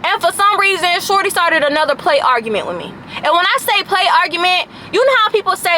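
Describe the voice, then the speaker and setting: A 21-year-old woman vlogger telling a casual storytime in an animated, slangy, sassy way. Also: high voice, brisk, hardly any pauses, slight background noise.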